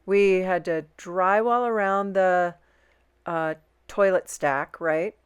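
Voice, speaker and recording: A woman co-hosting a casual podcast from a home basement studio, chatting in relaxed, playful banter. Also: fairly low pitch, takes it slowly, clear, resonant tone, dry recording. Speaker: podcast co-host. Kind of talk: casual chat.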